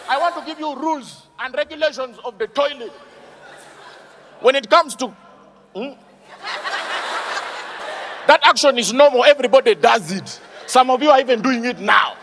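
A man doing stand-up comedy on stage, animated and shouting his punchlines. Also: extremely high pitch, long reverb tail.

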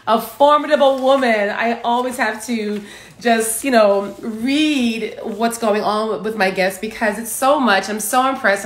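A woman's voice: fairly high pitch, fairly bright tone, echoey room. A middle-aged woman from Philadelphia hosting a casual livestream, effusive and greeting viewers by name. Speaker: livestream host.

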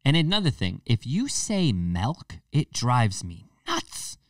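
A man's voice: mid-range voice, wildly swooping pitch, slow pace, few pauses, no echo, studio quality, recorded from a distance. A young man with a New England accent, hosting a casual comedic podcast and ranting in a rambling, profane, jokey way. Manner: rambling, profane, jokey rants with sudden loud jumps. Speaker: podcast host.

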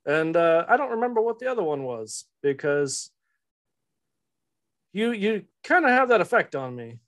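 A man playing an older police chief who talks with a put-on Southern drawl, gruff and fatherly. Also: high voice, big pitch swings, moderate pace, fairly bright tone, voice pushed up. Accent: American Southern (put on).

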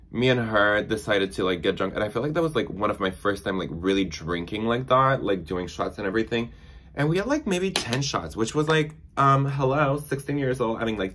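A young man with a somewhat low voice tells stories in a loose, rambling way, full of filler words, while he works on his makeup. A faint hum of room noise sits under his voice. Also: a bit bright. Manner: chatty, rambling, frequent "like" fillers. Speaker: beauty vlogger. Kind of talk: casual storytelling while doing makeup.

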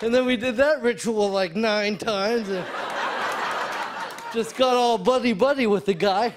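A man's voice: high voice, measured pace, crowd noise, noisy background. A man doing a stand-up routine on a studio stage, telling a story in a laid-back way with punchy quoted voices. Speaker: stand-up comedian. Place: studio stage before a live audience. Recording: live stage mic with loud audience. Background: audience laughter.

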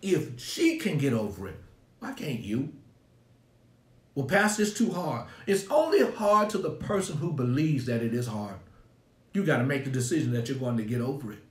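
A man's voice: mid-range voice, big pitch swings, normal speed, roomy sound. A middle-aged man, a pastor preaching a sermon in an emphatic, colloquial style, repeating his points over and over. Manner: emphatic, colloquial and repetitive, often laughing.

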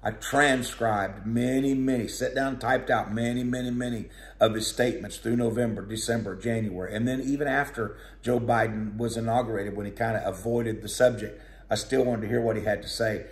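A man's voice: medium pitch, fairly even intonation, normal speed. A man delivers a conversational, plainspoken sermon with a mid-range voice. His words ring in an echoey room. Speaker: preacher.

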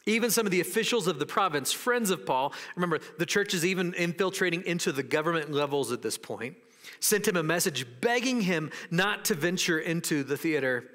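Animated preacher in a reverberant hall. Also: male voice, a little high, brisk. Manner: animated preaching, acting out quoted voices. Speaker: pastor. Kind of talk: sermon.

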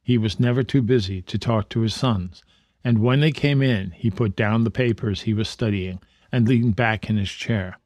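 A man reading a children's adventure book aloud in a calm, even way. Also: on the low side, normal speed, dry recording, clean studio sound. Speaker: storyteller.

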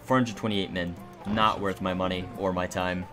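A man's voice: deep voice, flat delivery, normal speed, music in the background. A man giving casual gameplay commentary as a let's play host, joking and sarcastic with mock-dramatic complaints.

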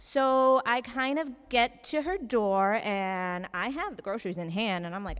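A young woman telling a personal story on stage in an animated, self-mocking, conversational way. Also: on the high side, measured pace, clear, resonant tone. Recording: reverberant hall.

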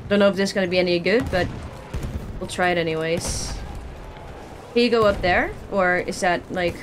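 A woman streamer giving excitable, chatty commentary while playing a shooter game, often exclaiming and laughing at herself. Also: medium pitch, noisy background. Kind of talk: casual gameplay commentary. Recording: game gunfire loud behind the voice.

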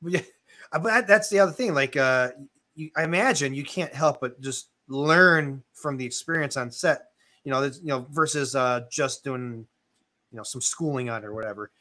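A man hosts a relaxed interview and asks long, meandering questions full of fillers. His voice is bright and forward, at a middle pitch. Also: moderate pace. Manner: rambling questions, many fillers. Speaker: podcast host. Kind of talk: casual interview chat.

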